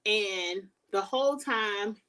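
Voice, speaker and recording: A woman talks through a show in a loose, animated recap, blunt and full of profanity. Her voice sits in the middle range. She is set back from the microphone, so she sounds slightly distant. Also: medium pitch, takes it slowly. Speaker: TV show reviewer. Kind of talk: casual recap chat.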